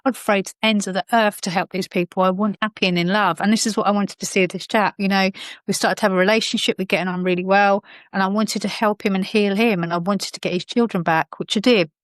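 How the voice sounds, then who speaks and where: A woman's voice: mid-range voice, no echo. A woman, a podcast guest, telling an emotional personal story in a rambling way, full of fillers and restarts.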